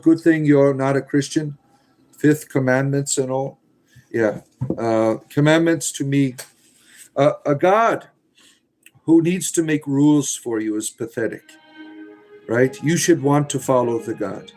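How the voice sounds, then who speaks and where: A man's voice: medium pitch, slow, pauses often, darkish tone, faint music behind, low-quality recording. A man hosting a casual livestream on a phone, answering viewer comments in a rambling way with many fillers and restarts. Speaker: livestream host.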